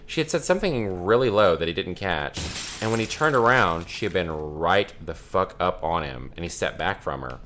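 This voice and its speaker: Low-voiced man, casual storyteller, cussing gamer, noisy home recording. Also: expressive, moderate pace, a bit bright. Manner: casual, swears freely, laughs between lines. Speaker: let's play commentator. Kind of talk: reading a creepy story aloud during gameplay.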